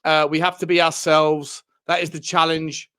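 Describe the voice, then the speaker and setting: A man putting on a mock Spanish accent to read a football manager's press-conference quotes, in a halting way with restarts. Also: on the high side, level tone, sharp tone, clear, resonant tone. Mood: quoting.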